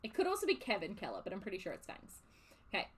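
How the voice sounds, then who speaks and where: A young woman streaming a game, chatting casually and swearing in an animated, exasperated way as she recaps. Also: medium pitch, rapid-fire, slightly rough. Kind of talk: casual chat while live streaming a game.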